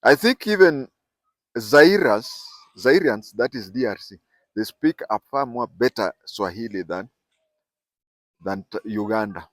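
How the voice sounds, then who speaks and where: A man's voice: mid-range voice, animated, a little slow, a bit bright, dry recording. An older man with a Kenyan accent tells a family story in a casual, wandering way, often repeating himself and correcting words mid-sentence.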